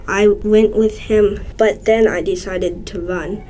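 A woman reading a short story aloud in a slow, even way. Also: mid-range voice, slight background noise, low-quality recording. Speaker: story reader.

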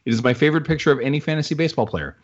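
A man's voice: fairly high pitch, expressive, rapid-fire, muffled recording. A man co-hosting a casual podcast, rambling through stories and laughing often. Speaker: podcast co-host.

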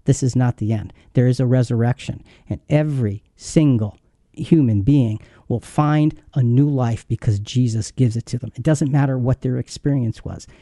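A man's voice: mid-range voice, normal speed, mellow, dry recording, clean studio sound. A man in his fifties hosting a Bible teaching show, telling a painful story in a heartfelt, earnest way. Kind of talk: earnest devotional talk.

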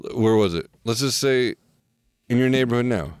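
A man's voice: medium pitch, moderate pace, a little mellow, smooth, no room sound. A man hosting a podcast, chatting casually and playfully, laughing often as he jokes around. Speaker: podcast host. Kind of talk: casual chat.

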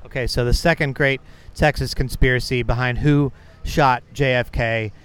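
A man's voice: medium pitch, steady tone, normal speed, a bit bright, smooth. A man reporting on motorsport, interviewing with a dry, teasing, mock-serious manner in a casual podcast chat. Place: outdoors at a racetrack.

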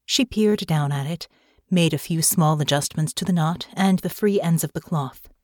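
A woman narrating a fantasy audiobook in a measured, even storytelling manner. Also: low voice, dry recording, clean studio sound. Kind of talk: scripted narration.

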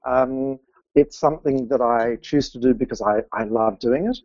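A middle-aged man speaking as a guest on an interview podcast, earnest and quick to laugh. His voice sits at an ordinary male pitch. The sound is dry and a little dull. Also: darkish tone, dry recording. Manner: earnest, laughs often, openly emotional. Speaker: podcast guest, business mentor. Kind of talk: conversational interview.

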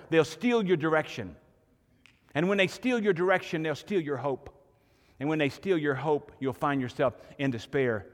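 A man's voice: on the high side, fairly bright tone, in a large hall. A pastor giving a sermon to his congregation in a church, preaching earnestly and building to emphatic points. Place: church sanctuary.

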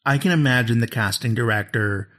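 A man's voice: medium pitch, fairly quick. A man co-hosting a podcast, recapping an episode in casual chat, laughing and acting out lines as he goes. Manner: animated storytelling, laughs often, acts out lines. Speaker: podcast co-host.

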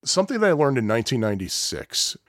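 A man's voice: medium pitch, fast, no room sound. Chatty male storyteller, mid-range voice, dry close recording. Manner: rambling and animated, with frequent laughs and acted-out quotes. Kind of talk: casual storytelling chat.

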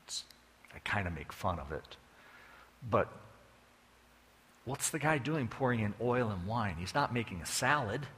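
A man's voice: on the low side, sing-song, measured pace, pauses often, a bit bright. A man preaching a sermon as a folksy, joking storyteller, with long hall reverb behind him.

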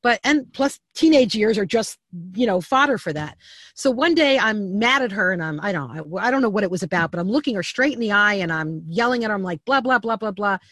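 A middle-aged woman telling family stories as an interview guest, animated and candid, often restarting her sentences. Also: mid-range voice, fairly quick, no room sound, clean studio sound. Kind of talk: storytelling in a podcast interview.

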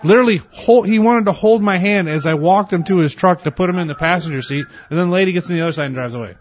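A man's voice: high-pitched, quick pace. A man in crude, casual banter, telling rambling, profane stories as a podcast co-host.

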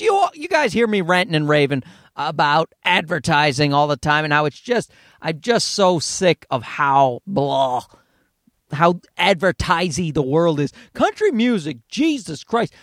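A man's voice: high voice, fairly bright tone, no room sound, studio quality. A man hosting a podcast, ranting in a profane, exasperated comic monologue. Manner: profane, exasperated ranting with mocking put-on voices. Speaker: podcast host.

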